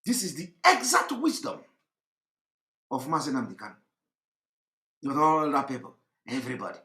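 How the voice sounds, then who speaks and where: A man delivering an impassioned, mocking monologue, often shouting and repeating himself. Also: medium pitch, wildly swooping pitch, moderate pace, reverberant. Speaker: commentator.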